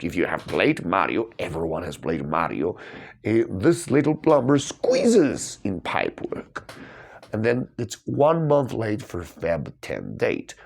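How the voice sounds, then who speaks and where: A man's voice: lowish voice, vocal fry. A man working through cryptic crossword clues aloud, musing and questioning himself, with sudden bursts of delight. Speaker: crossword solver. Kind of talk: thinking aloud while solving puzzles.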